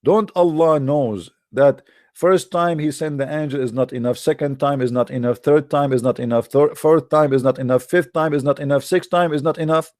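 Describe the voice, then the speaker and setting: A man speaks to his audience in a sarcastic, mocking monologue, his English halting and non-native. His voice sits somewhat high, and the sound is dry, with no room around it. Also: fairly even intonation, a little mellow, no room sound. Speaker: online commentator.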